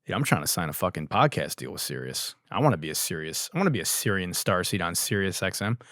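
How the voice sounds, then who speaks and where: A man's voice: deep voice, sing-song, quick pace, no echo, studio quality. A young man hosting a podcast, riffing crudely and sarcastically in casual comedy. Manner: crude, sarcastic, jumps between mumbles and loud outbursts. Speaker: podcast host.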